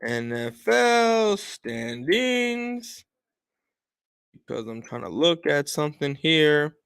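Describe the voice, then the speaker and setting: Sports host, man; high, bright voice, loud and emphatic, a bit tipsy. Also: very animated, takes it slowly, smooth. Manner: loud, emphatic, repetitive insistence. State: been drinking a little. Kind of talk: heated sports opinion talk.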